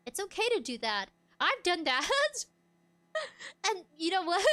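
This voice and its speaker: A woman streamer chatting casually, laughing often and acting out bits of dialogue in loud bursts. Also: extremely high pitch. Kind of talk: casual chat.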